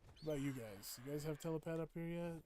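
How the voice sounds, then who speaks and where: A man chatting casually with viewers while playing a game, rambling and breaking into excited outbursts. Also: fairly high pitch, fast talker, a little hiss or hum. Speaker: game streamer. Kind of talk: casual gameplay chat with viewers.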